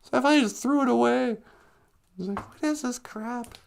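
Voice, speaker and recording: A man putting on a high, creaky, sing-song voice as a chatty trickster character who hosts a live stream, rambling and opinionated. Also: brisk. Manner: rambling, opinionated, mocks and laughs.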